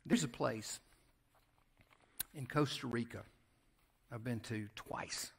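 Southern American male pastor, mid-range voice, conversational sermon delivery with quiet asides. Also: mid-range voice, slow, vocal fry, husky. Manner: conversational storytelling, shifting between loud emphasis and quiet asides. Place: church sanctuary.

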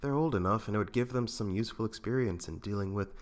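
A man's voice: lowish voice, quick pace, lightly acted. A poised female diplomat, patient and drily amused by her husband, as a man voices her in a fan audiobook. She speaks evenly, with a dry, tolerant edge.

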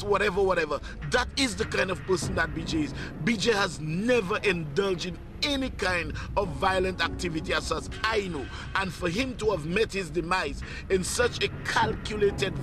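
Emphatic Saint Lucian man, high voice. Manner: formal, emphatic with repetitions. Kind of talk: interview statement.

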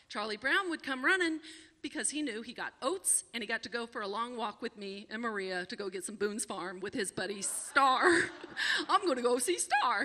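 A woman in her forties telling a personal story on stage to a small live audience, animated and often laughing. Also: high voice, long reverb tail. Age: 40s.

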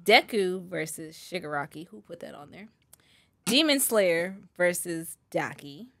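Bright-voiced woman reading award nominees. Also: fairly low pitch, animated, a little slow, vocal fry, dry recording. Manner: announces categories, teasing and laughing. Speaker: podcast co-host announcing awards. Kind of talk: casual chat.

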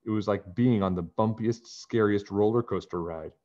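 A man reading a children's book aloud in a calm, even narrating voice. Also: on the low side, moderate pace. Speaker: storybook reader. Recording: dull lo-fi recording.

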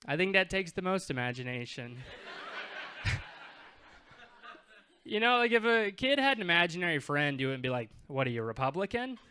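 A man's voice: sits high, sing-song, moderate pace, pauses often, bright, forceful tone, a little hiss or hum. A man in his twenties performing stand-up at a comedy club, conversational and self-deprecating, acting out bits of dialogue. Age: 20s.

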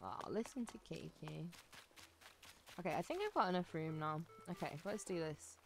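A woman's voice: fairly low pitch, animated, moderate pace, vocal fry, slight background noise. A woman streaming a game, chatting casually and gushing with thanks, often gasping and giggling. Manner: bubbly, gushing thanks, frequent gasps and giggles. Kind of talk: casual livestream chat while gaming. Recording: faint game music behind.

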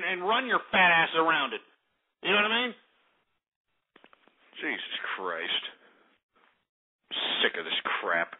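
A man hosts a call-in radio show and rants at his listeners, exasperated and profane, circling back on the same complaints. His voice sits high and sounds breathy and rough. The audio is narrow and tinny, like a phone line. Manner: profane, exasperated ranting with repeated fillers. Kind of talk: ranting talk radio monologue.

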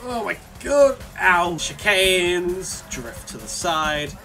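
A young man commentating while he plays a racing game, excitable and quick to yell and laugh at his wins and crashes. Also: sits high. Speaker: gaming video creator. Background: faint game music.

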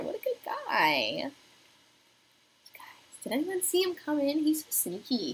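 A young woman chats her way through a makeup livestream at home, with a lively voice that rises and falls a lot. She reads viewer comments aloud and sometimes slips into a soft murmur, over faint room ambience. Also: on the high side, slow, creaky, a little hiss or hum, low-quality recording. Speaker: beauty livestream host. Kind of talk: casual livestream chat while doing makeup. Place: home apartment.

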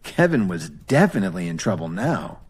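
A man narrates a serialized audio drama with dramatic, expressive delivery. His voice is husky and his pitch moves in lively swings. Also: normal speed.

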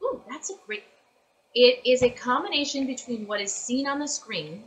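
A woman voice actress chatting casually as an interview guest, animated and full of fillers and restarts. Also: a little high, moderate pace, low-quality recording.

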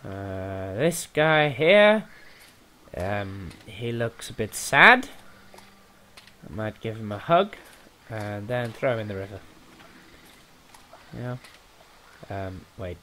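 A man's voice: on the low side, big pitch swings, takes it slowly, long pauses, sharp tone. A man joking and muttering asides as he plays a video game. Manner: drawling, jokey, muttered asides. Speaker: let's play host. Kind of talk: casual game commentary.

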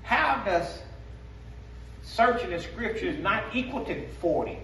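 Preacher in an echoey church hall. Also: male voice, high-pitched, lively intonation, takes it slowly, gravelly, slight background noise. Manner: call-and-response preaching, rising to shouts. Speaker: pastor. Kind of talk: sermon. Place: church sanctuary. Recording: echoey sanctuary from a distance.

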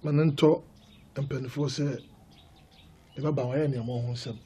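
An actor playing a stern middle-aged clan elder in a film drama, speaking gravely. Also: male voice, medium pitch, steady tone, moderate pace, warm tone, slight background noise, lightly acted. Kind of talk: Twi-language film drama.

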